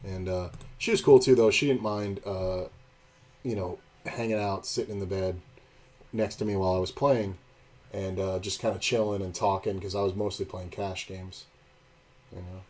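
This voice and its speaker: A man's voice: low voice, steady tone, normal speed, darkish tone. A man streaming poker and telling a rambling, blunt, profane story in casual chat.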